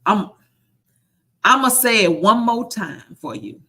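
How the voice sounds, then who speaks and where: A woman content creator telling a story in a casual vlog, repeating phrases for emphasis and slowing into a preacher-like cadence. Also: mid-range voice, animated, sharp tone, slightly rough. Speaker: content creator and online group founder.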